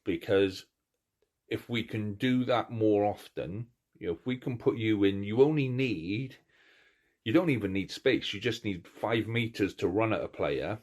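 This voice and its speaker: A middle-aged man with a low voice hosts a casual podcast chat. He talks in an animated, rambling way, stopping and restarting as he acts out the moments he describes. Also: unhurried. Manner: animated storyteller, acts out crowd cheers; chatty, many restarts and fillers. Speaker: podcast host.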